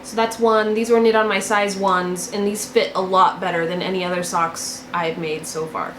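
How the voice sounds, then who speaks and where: A woman's voice: medium pitch, little pitch movement, moderate pace, a little hiss or hum. Chatty woman gushing about her knitting. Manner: chatty, gushing, repeats words for emphasis. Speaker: knitting podcast host. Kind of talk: casual show-and-tell chat. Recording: echoey room.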